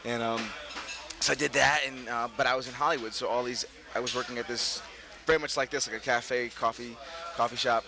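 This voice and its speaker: Being interviewed, this middle-aged Brooklyn actor talks fairly quickly and casually, full of laughter as he spins stories. He's lively, voicing the people he quotes with big leaps in pitch, a guest hailing from Brooklyn, New York.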